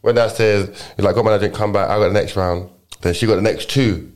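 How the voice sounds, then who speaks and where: A young man with a London accent rambles through a story in loose, casual chat, heavy on slang and constantly restarting sentences. His voice is lowish, a little mellow and brisk, with fairly even intonation, and the delivery is unpolished.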